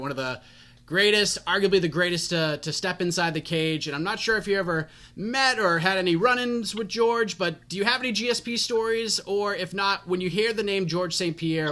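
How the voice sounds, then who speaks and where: Young guy interviewer, bright and a bit high, rambling casual questions. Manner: chatty, long winding questions. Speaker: MMA interviewer.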